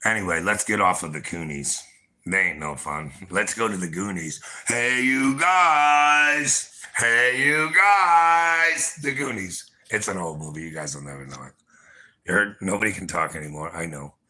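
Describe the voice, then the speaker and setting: A man with a low voice and a hard, forceful edge rants on a livestream. He rambles, swears freely and boasts, breaking into chuckles. He talks straight to the viewers watching. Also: fairly quick. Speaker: livestream host.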